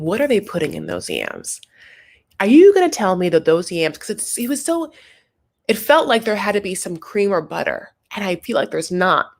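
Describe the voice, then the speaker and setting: A woman hosting a casual reality TV recap, gossipy and animated, calling her viewers "honey". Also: mid-range voice.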